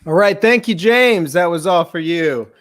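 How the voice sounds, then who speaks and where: A man hosting a comedy telethon, rambling and hesitant with a deadpan manner. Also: high-pitched, measured pace. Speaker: telethon host. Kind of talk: improvised comedy banter.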